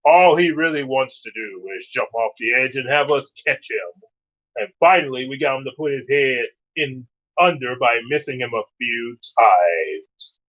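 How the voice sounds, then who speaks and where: A man reading a children's novel aloud in an unhurried, expressive way. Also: medium pitch, highs cut off. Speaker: storybook reader and streamer.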